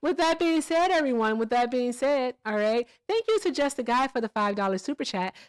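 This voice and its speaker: A woman's voice: fairly high pitch, expressive, fairly quick, clean tone. A woman hosting a live stream in a casual, emphatic way. She is blunt and swears, and she keeps checking in with "all right?" and "okay?". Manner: blunt and profane. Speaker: livestream host. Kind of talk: casual livestream chat and commentary.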